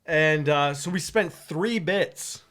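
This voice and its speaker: A man who hosts a morning radio show tells a story in loose, casual chat. His voice sits a little high, and he gets animated, laughing often and acting out both sides of an argument. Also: slow pace. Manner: animated, laughs often, acts out quoted lines.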